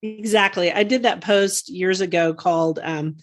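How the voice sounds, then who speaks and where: A woman's voice: lowish voice, normal speed. A woman co-hosting a podcast in casual chat, talkative and rambling, with frequent laughs and fillers. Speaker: podcast co-host.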